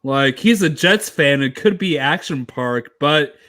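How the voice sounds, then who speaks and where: Inquisitive man with a lightly high voice. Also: lively intonation, a little slow, sharp tone. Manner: inquisitive, steers the talk. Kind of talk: casual group chat.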